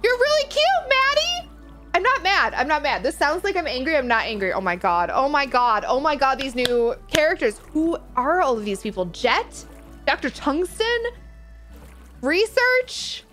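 A woman giving live reaction commentary as a gaming streamer, excitable and gushing, full of exclamations. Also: high-pitched.

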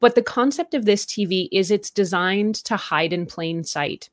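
A woman's voice: mid-range voice, moderate pace, dry recording. A woman with a Canadian accent, a tech reviewer chatting as a guest and explaining products in a friendly, thoughtful way. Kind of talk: casual interview chat.

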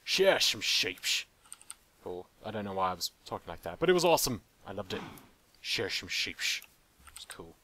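A man's voice: sits low, big pitch swings, brisk, fairly bright tone. A young man hosting a let's play, rambling playfully and joking with the animals in the game. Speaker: gaming channel host.

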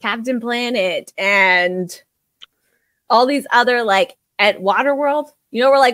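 A woman's voice: on the high side, measured pace, fairly bright tone, no echo. A woman co-hosting a podcast in casual chat. She swears freely, laughs often and acts out quotes from shows. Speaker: podcast co-host.

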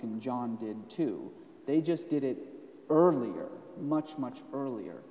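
A man's voice: medium pitch, dark tone. A man, an author and scholar, explaining at length in a live onstage conversation, with emphatic stresses. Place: event stage in a hall. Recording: roomy hall, voice from a distance.

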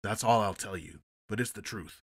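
A man voicing a stern ship's captain who speaks gruffly and defensively. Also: on the low side, moderate pace, natural voice.

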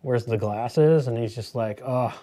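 A man's voice: medium pitch, unhurried, warm tone. A man in his thirties hosting a casual painting demo, joking and rambling into movie tangents as he works.

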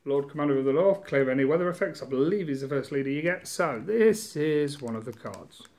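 A man's voice: fairly high pitch, animated, brisk, darkish tone. A man chatting casually through a game unboxing at home, rambling, self-mocking and swearing, recorded on a camera mic. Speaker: gaming vlogger.

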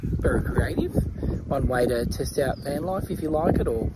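A vlogger with an Australian accent chats casually to a handheld camera while camping in a van at a campground, laughing often and talking to his dog. His voice is medium in pitch at a moderate pace, with heavy background noise.

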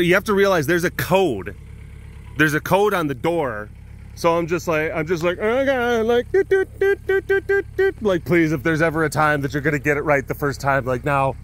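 Outdoors at a big cat sanctuary, a male vlogger tells a rambling, casual story packed with sound effects and laughter. His voice is fairly high and fairly bright, with a little hiss or hum in the audio.

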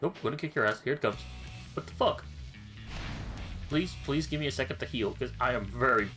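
A man's voice: medium pitch, a little fast, music in the background. Profane, casual male game streamer. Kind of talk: live gameplay commentary.

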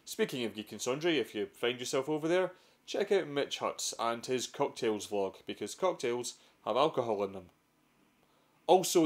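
A young Scottish man hosting a comedic gaming vlog, telling stories dramatically and swearing freely. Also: on the low side. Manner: profane, dramatic storytelling with sudden outbursts. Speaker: gaming vlogger. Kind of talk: comedic scripted vlog narration.

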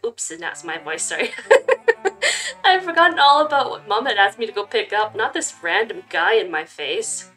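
A giggly young woman chatting her way through a story game, reading lines aloud and joking between them. Her voice sits at a middle pitch, and quiet music plays underneath. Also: animated, normal speed. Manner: giggly, chatty, lots of likes and you-knows. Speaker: gaming channel host. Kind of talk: casual game playthrough commentary and reading aloud.

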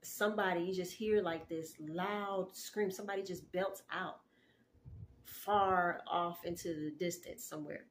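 A woman casually telling a dream story in an animated, chatty way, full of asides. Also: on the low side, unhurried, slight background noise. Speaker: faith vlogger sharing a dream.

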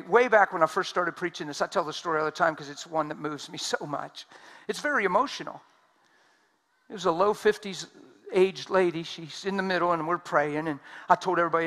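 Emphatic preacher man, slightly high voice. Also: a little fast. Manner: emphatic, swings from loud to hushed. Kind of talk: sermon storytelling.

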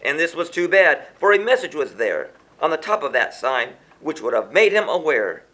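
Animated man reading a rhyming storybook. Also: on the high side, normal speed. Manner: sing-song, animated reading with chanted refrains. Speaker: storyteller reading a children's book. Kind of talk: rhyming storybook read-aloud.

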